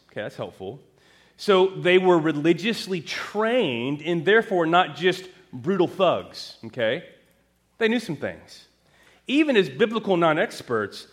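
A male pastor delivers an expository sermon in a fairly high voice with a lively, wide-ranging pitch. He peppers his teaching with rhetorical questions and swings between raised emphasis and quiet, hushed lines. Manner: jokes lightly with the congregation.

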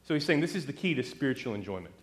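A man preaching a sermon, animated and talking straight to the congregation with rhetorical questions. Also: mid-range voice, rapid-fire. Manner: asks the audience rhetorical questions; animated, talks straight to the crowd.

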